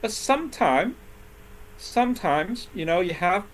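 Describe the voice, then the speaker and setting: A man's voice: high-pitched, very animated, a little slow. A man teaching an English lesson on word stress, patiently checking in with his class after each point. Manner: patient, constantly checks in with "right?" and "okay?".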